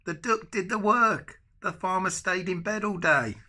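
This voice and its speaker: An older man, a grandfather, reading a picture book aloud to his grandchildren with animated asides. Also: high voice, a little slow. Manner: animated, adds chatty asides to the children. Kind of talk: bedtime storybook reading.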